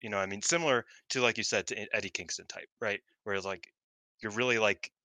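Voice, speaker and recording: Guy on a podcast, kinda low but super bright voice, rambles and swears a lot. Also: fast, no room sound. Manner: rambling, profane, lots of fillers. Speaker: podcast co-host. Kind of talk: casual chat about pro wrestling.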